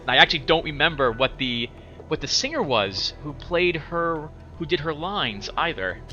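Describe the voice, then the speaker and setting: A man reading a role-playing game aloud for his viewers, often apologizing and tripping over words. His voice is bright and moves lively. The sound is a little dull, with faint game music underneath. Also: on the high side, normal speed. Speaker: let's play host.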